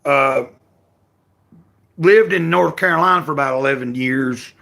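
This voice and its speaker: Gravelly Southern man chatting on a livestream. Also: mid-range voice, unhurried, a bit bright. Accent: Southern American. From Tennessee. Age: older. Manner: rambling, self-correcting, folksy. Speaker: livestream host. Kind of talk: casual live-stream chat.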